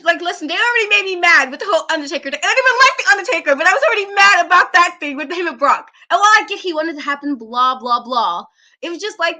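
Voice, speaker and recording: A woman's voice: very high voice, bright, forceful tone. A woman hosting a wrestling talk show, giving casual, opinionated commentary in an emphatic, ranting way and laughing often.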